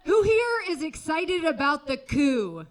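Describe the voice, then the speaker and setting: A woman's voice: high-pitched, very animated, slow pace. A woman doing a stand-up comedy set on a comedy club stage, wry and conversational with sarcastic asides.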